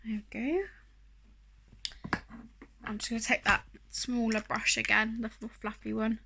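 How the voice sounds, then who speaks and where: A woman's voice: fairly high pitch, flat delivery, takes it slowly, vocal fry, pauses often, pushed and bright, slight background noise. A woman chatting casually through a makeup tutorial, rambling and self-deprecating, with plenty of fillers. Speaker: beauty vlogger.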